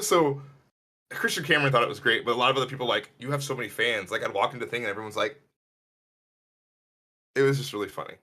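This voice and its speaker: A man from Illinois co-hosting a podcast, telling rambling stories and acting out other people's lines in a higher voice. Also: fast. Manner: animated, rambling, acts out quotes in a higher voice. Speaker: podcast co-host. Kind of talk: casual storytelling chat.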